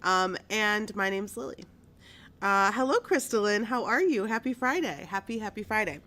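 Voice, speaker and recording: A woman's voice: mid-range voice, lively intonation, moderate pace, bright, forceful tone, a little hiss or hum. Woman in her 30s, stuffed up from allergies, chatting away on her live news show, bubbly. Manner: chatty, bubbly, lots of fillers. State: stuffy nose. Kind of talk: casual live-stream chat. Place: small home studio.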